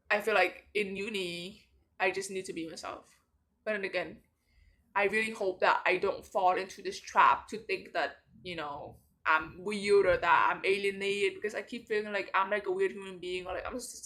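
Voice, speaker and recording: A young woman on the verge of starting university rambles through a late-night confessional vlog, sounding tired and sleepy. Her voice is mid-range and a little bright, and her talk is packed with fillers and endless "likes."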